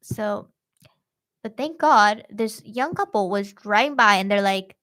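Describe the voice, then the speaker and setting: A woman's voice: medium pitch, measured pace. A young woman hosting a true-crime podcast, retelling a case in casual, slangy chat. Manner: slangy, animated storytelling.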